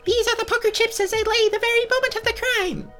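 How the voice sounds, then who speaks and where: A player voicing a smug video game prosecutor in a high, pompous, lecturing voice. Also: steady tone, fast talker, pushed and bright, faint music behind.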